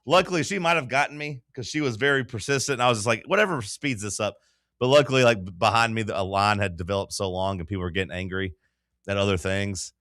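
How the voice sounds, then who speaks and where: A man hosts a sports talk radio show, chatting loosely and rambling through a story. His voice sits low and sounds close and dry, with no room in it. He acts out the people he quotes along the way. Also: quick pace, a bit bright, no echo. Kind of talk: casual chat.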